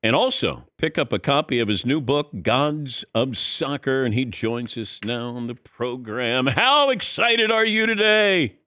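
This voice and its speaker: A man hosting a talk radio show, introducing and interviewing a guest in a relaxed way. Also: mid-range voice, a little slow, hardly any pauses, no room sound, clean studio sound.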